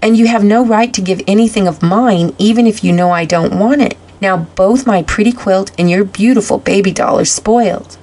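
A woman's voice: mid-range voice, moderate pace, hardly any pauses, dark tone, close to an everyday voice. A stern, proper older aunt laying down the rules in a firm storybook voice, as a woman reads her. She is strict and scolding.

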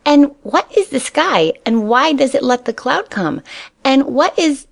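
A woman's voice: lively intonation, a little slow, creaky, heavily acted. A woman voicing a curious, eager little boy rabbit who asks many questions. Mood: eager questioning. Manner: squeaky, questioning.

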